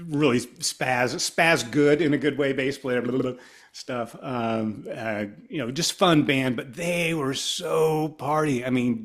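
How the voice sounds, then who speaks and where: A middle-aged guitarist from Ohio talks through his memories in a loose, rambling way. He drifts from one aside to the next and jumps into animated little impressions of the people he quotes. His voice sits at an ordinary middle pitch for a man. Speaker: guest guitarist. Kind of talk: casual storytelling interview.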